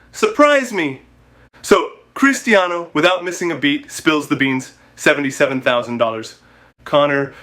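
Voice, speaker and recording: Wisecracking man, slightly high voice. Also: pushed and bright. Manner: wisecracking, punchy jokey delivery. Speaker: host. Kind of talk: scripted comedic narration.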